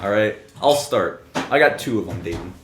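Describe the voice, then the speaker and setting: A man's voice: on the low side, lively intonation, normal speed, fairly bright tone, a little hiss or hum. A young man co-hosting a casual podcast, talking emphatically, ranting and swearing freely. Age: young adult. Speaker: podcast co-host leading topics. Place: home. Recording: echoey room.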